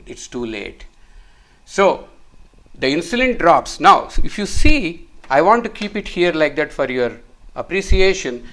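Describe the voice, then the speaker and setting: A middle-aged male physician gives a whiteboard lecture. His voice sits a little high, and he walks through the chart patiently while he draws it, repeating words to hammer a point home. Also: sing-song, measured pace, a bit bright. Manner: explains step by step while drawing, repeats words for emphasis. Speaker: physician teaching.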